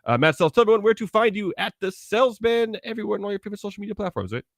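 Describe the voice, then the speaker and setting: A man hosting a casual podcast, upbeat and quick to laugh, plugging the show and chatting with guests. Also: sits high, animated, creaky, no room sound, studio quality. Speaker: podcast host.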